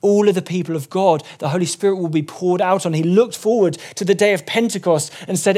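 Earnest, fairly high-voiced male preacher. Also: brisk, hardly any pauses, a little mellow. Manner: earnest, emphatic, voice rising when quoting scripture. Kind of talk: sermon.

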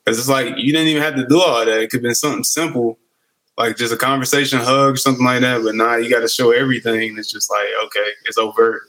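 A man's voice: medium pitch, fairly even intonation, fast talker, a bit bright, rough recording. A man in a casual chat, loose and slangy, laughing as he tells stories.

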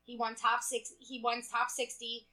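A woman co-hosting a casual chat show, telling animated stories, acting out dialogue and swearing freely. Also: a little high, a little slow. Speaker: podcast co-host.

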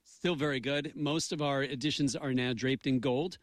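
A man's voice: mid-range voice, steady tone, moderate pace, no echo. A middle-aged man co-hosting a radio show, joking around in goofy, mock-pompous banter.

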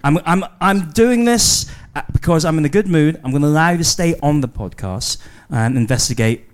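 A man hosting a live comedy podcast, halting and mock-bossy with many fillers. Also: fairly high pitch, lively intonation.

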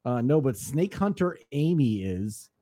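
A man's voice: medium pitch, very animated, measured pace, warm tone, no echo. A man co-hosting a comedy podcast, reading out odd news items in a matter-of-fact way and often laughing as he reads. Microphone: studio microphone.

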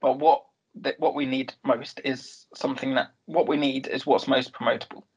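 A gravelly, slightly husky voice settles into a put-on English accent for a chummy male TV producer. It is a man doing an impression during a casual podcast chat, and the tone stays smooth and persuasive. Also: mid-range voice, steady tone, moderate pace, rough recording. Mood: coaxing.

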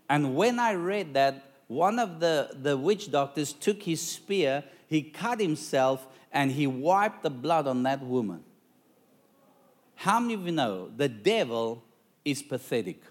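A male preacher telling a story in a sermon, dramatic and lively, calling out to the congregation for responses. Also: on the high side.

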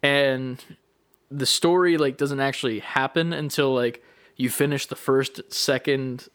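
A man's voice: mid-range voice, steady tone, unhurried, a bit bright, clean tone. A young man chatting casually as a podcast co-host, rambling with lots of fillers and swearing. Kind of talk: casual chat.

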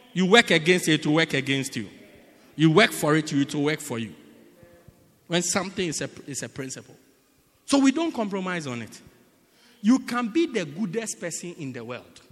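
Animated preacher. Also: male voice, sits high, moderate pace, pauses often. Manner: animated, builds to loud emphatic bursts with repeated phrases. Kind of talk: sermon. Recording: long hall reverb.

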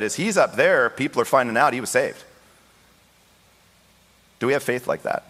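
Male pastor, preaching storyteller, acts out quotes, echoing church hall. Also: mid-range voice. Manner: storytelling with lively voiced quotes. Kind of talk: sermon. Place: church sanctuary. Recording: long hall reverb.

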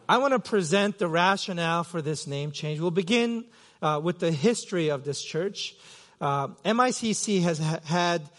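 Pastor, male, middle-aged, from Korea: a relaxed, chatty sermon voice sitting high in the register, trailing off into fillers. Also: a little slow. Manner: conversational, self-deprecating with many fillers and restarts. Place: church sanctuary.

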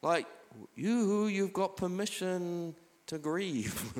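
A man's voice: high-pitched, very animated, very slow, darkish tone. A man, a pastor giving a conversational sermon with scripture readings, recorded live in a church hall. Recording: live hall with long reverb.

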